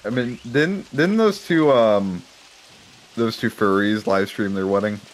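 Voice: medium pitch, measured pace, a little hiss or hum. A co-host chatting and teasing casually during a video game stream. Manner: animated, teasing banter. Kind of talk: casual gaming stream chat.

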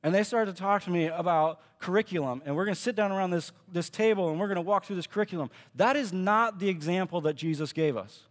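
A man's voice: sits high, fast talker, few pauses, in a large hall. A man giving a sermon as pastor, preaching in a conversational way and acting out the quoted speech he tells. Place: church auditorium.

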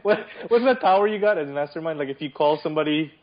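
A man's voice: on the high side, expressive, quick pace. A young man chatting casually while gaming, teasing his friend, giggling a lot and swearing freely. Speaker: gamer. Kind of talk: casual let's-play banter. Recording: dull lo-fi voice chat audio.

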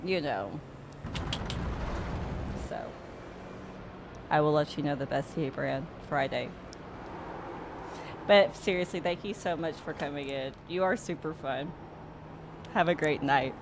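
A woman's voice: low-pitched, takes it slowly, long pauses, background noise. A young woman from Mississippi streaming sim racing and chatting casually with viewers, laughing often and swearing now and then. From Mississippi, US South. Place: home sim racing setup. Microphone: desktop USB microphone.

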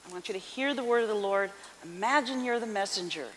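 A woman pastor reading scripture and preaching a sermon in an expressive voice, asking the congregation questions. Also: medium pitch, fast talker. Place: church sanctuary. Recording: reverberant hall with faint hiss.

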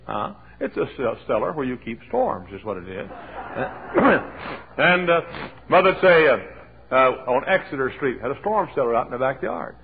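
A middle-aged preacher delivers a folksy sermon, his voice leaping up and down in pitch as he swings between hushed storytelling and loud, emphatic swells. His tone is a little husky, and the recording is narrow and tinny, like an old sermon tape heard over a phone line. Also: very animated, moderate pace. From Texas. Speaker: pastor. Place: church sanctuary.

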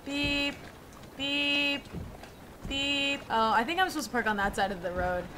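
A young woman streaming a video game, reacting excitably with squeals and shouts. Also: medium pitch, very fast, noisy background. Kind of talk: live game-stream commentary.

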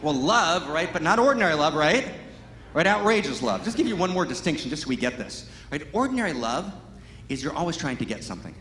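A man giving an impassioned spiritual talk at a Sunday service, emphatic, constantly asking "right?" and swinging between loud exclaims and hushed, intimate lines. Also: on the high side, very animated, quick pace. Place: large hall at a live Sunday service. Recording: echoey hall with long reverb.

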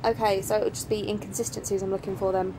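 A woman's voice: mid-range voice, flat delivery, quick pace, noisy background. A young woman in her early twenties, chatting casually as she plays a video game, muttering to herself with lots of ums. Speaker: let's play gamer. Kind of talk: casual gameplay commentary.

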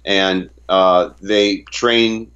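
Very deep-voiced man, halting, lo-fi. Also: fairly even intonation, a bit bright. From Canada. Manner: halting, repeats words, retells dialogue. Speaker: interview guest. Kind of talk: casual interview talk.

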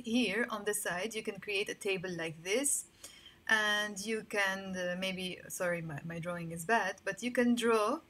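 A woman's voice: mid-range voice, a bit bright. A woman with a Lebanese accent teaching a casual online language lesson, explaining patiently and repeating words for practice.

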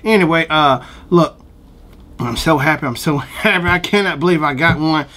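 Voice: mid-range voice, moderate pace, fairly bright tone. A vlog host talking giddily, repeating phrases and breaking into bits of song. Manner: giddy, repetitive, breaks into song. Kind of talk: excited unboxing vlog.

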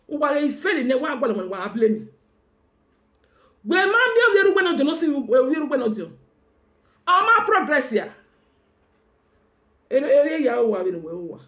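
A Nigerian woman talking fast in a heated exchange, switching between languages and scolding the other person. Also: on the high side, darkish tone. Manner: rapid, mixing languages, scolding. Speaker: guest.

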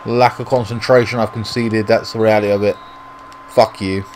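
A man's voice: fairly low pitch, level tone, moderate pace, a little mellow, slight background noise. A man with a British accent giving live commentary over his own football video game, swearing often and talking to himself in frustration. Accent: British English. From Britain. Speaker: gaming YouTuber.

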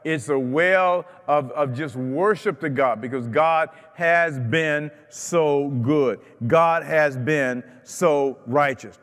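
Pastor, male, slightly high voice, slow deliberate fervent delivery, church reverb. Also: fairly bright tone. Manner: fervent preaching with repeated phrases. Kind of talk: sermon. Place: church sanctuary.

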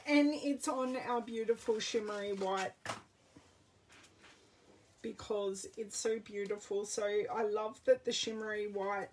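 A woman's voice: medium pitch, husky. An Australian woman giving a casual live card-making demo, chatting with viewers as she works. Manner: chatty, greets live viewers while working. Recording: distant, off-mic sound.

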